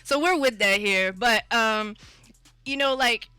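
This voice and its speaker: A woman hosting a casual radio talk show about mental health, chatty and quick to laugh. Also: fairly high pitch, bright, forceful tone, clean tone, dry recording, faint music behind.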